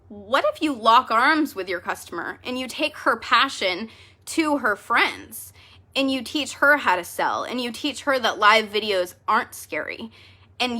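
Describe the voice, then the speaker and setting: A woman's voice: on the high side, pushed and bright. A woman leading a direct sales team, talking casually to her team in a vlog. She is choked up and tearful, laughing at herself through the tears. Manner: emotional, self-deprecating, laughing through tears. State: tearful, choking up.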